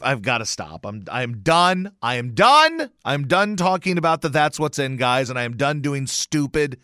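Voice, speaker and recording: A man's voice: mid-range voice, pushed and bright, no echo, clean studio sound. A man hosting a casual sports talk show, sarcastic and mocking, tossing off joke rhymes. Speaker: podcast host.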